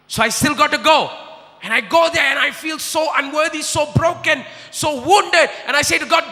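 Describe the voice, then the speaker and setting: A man's voice: very high-pitched, moderate pace. Impassioned preacher man in a reverberant hall. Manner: impassioned, swings from hushed prayer to shouting. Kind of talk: sermon.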